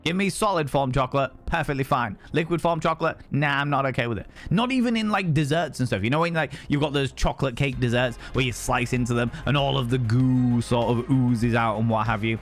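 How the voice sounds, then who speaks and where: A man's voice: mid-range voice, fairly quick, hardly any pauses, soft background music. Chatty man greeting his viewers. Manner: chatty, rambling, swears freely, greets viewers warmly by name. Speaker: streamer reading chat. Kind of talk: casual chat.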